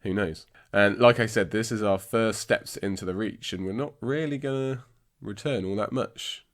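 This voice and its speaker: A fairly low voice at normal speed belongs to an English book podcast host. Congested and scratchy, he rambles casually about books and makes fun of himself along the way.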